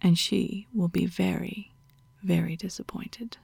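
Woman voicing a dominant lady doctor, whispered role-play, dark husky tone, bossy, dry close sound. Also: fairly low pitch, steady tone, a little slow, dry recording, heavily acted. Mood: commanding. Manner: bossy, scolding, half-whispered. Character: stern dominant female doctor, mocking and commanding.

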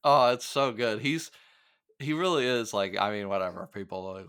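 A man co-hosting a podcast, chatting casually and laughing through quick asides. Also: fairly low pitch, fairly even intonation, fairly bright tone, clean tone, no room sound, clean studio sound. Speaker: podcast co-host.

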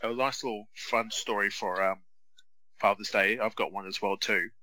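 A young Australian man co-hosting a wrestling watch-along podcast, telling animated stories and swearing freely. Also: fairly low pitch, moderate pace, no echo, low-quality recording. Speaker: podcast co-host. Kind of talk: casual watch-along chat.

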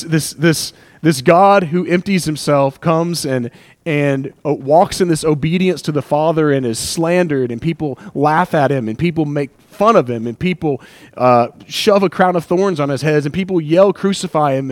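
A man's voice: fairly high pitch, moderate pace, no echo. A man preaching a sermon as pastor, conversational and emotional, with asides and acted-out quotes.

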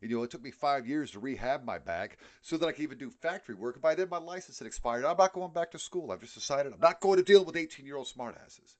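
This podcast co-host, a middle-aged man with a New York accent, fires off a profane, heated rant packed with swearing. He's a fast, animated talker with a mid-range voice and hardly any pauses.

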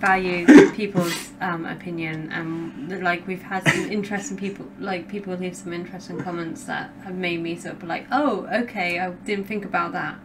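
A woman co-hosting a casual film podcast, chatty and quick to laugh, with lots of "like". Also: on the low side, fairly even intonation, far from the mic, very noisy. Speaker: podcast co-host. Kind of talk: casual chat.

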